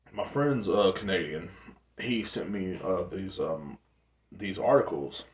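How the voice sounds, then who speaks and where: A man's voice: low voice, a little mellow, recorded from a distance. Profane rambling man in an echoey room. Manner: profane, rambling, frequent restarts and fillers. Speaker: podcast host. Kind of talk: casual solo podcast rant.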